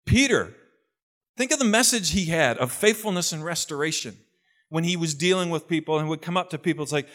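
A pastor giving an earnest, conversational sermon. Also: male voice, on the high side, expressive, fairly quick, a bit bright.

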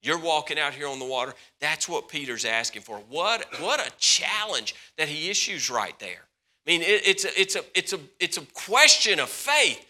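A man preaching a sermon as pastor, telling stories with dramatic swings between loud bursts and hushed moments, often repeating words and restarting sentences. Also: on the high side, sing-song, normal speed.

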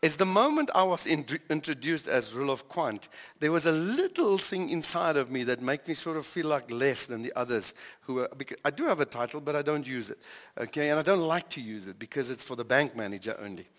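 A man's voice: on the high side, animated, fairly quick, fairly bright tone, in a large hall. An older man and grandfather, preaching a conversational sermon with many questions to his congregation. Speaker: pastor.

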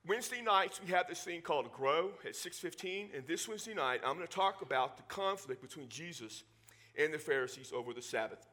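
A male pastor preaching a sermon in a conversational, animated way, with joking asides to the congregation. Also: a little high, a little fast. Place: church.

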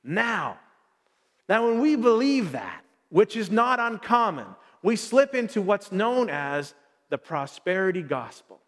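A middle-aged man preaching a sermon, telling stories in an animated way and acting out his son's voice. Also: sits high, unhurried. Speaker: pastor. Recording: long hall reverb.

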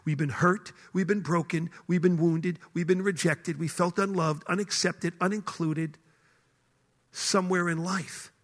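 A man preaching a passionate sermon to a room full of people, swinging between shouted declarations and hushed, intimate lines. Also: sits high, steady tone, a little slow. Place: hall with a live audience.

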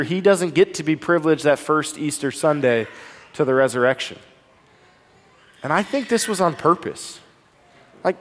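Man, pastor, sermon, high voice, unhurried, earnest, rhetorical questions, long hall reverb. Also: a bit bright.

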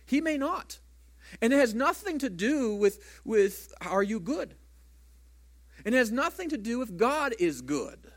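A man's voice: very high voice, very animated, a little slow, fairly bright tone. A man preaching a sermon as a pastor in a church, talking conversationally and asking the congregation rhetorical questions.

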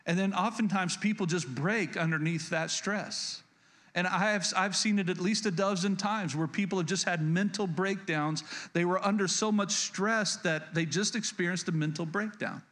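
High-voiced man preaching a sermon. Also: normal speed, a bit bright. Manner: earnest, repeats key lines for emphasis; frequent stutters and restarts. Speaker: pastor.

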